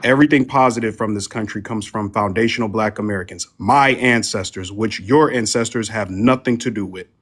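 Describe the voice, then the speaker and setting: A man's voice: lowish voice, fairly quick, hardly any pauses, a bit bright. A man co-hosting a heated live panel debate on an online call, grilling and cutting off a caller. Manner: combative, interrogating. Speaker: panel co-host.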